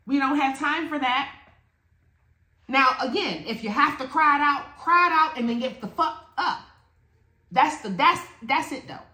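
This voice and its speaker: A woman giving a blunt, profane, animated motivational talk as a spiritual teacher. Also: sits high, measured pace. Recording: echoey room.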